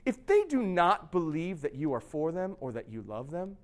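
A man's voice: a little high, big pitch swings, moderate pace, darkish tone. A middle-aged pastor giving a sermon in a conversational way, often asking his listeners questions. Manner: conversational, asks the audience questions.

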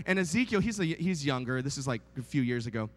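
His medium-pitched voice is animated and quick. As a guest preacher in his thirties, he delivers a joking, story-driven sermon, chatty and self-deprecating with lots of fillers, and the big church sanctuary adds long reverb to the recording.

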